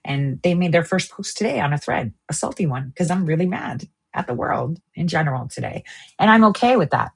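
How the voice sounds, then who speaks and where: Husky low-voiced woman ranting heatedly. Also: sing-song, fairly quick. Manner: heated, swearing, jumps between topics. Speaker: online show host. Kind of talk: angry political rant.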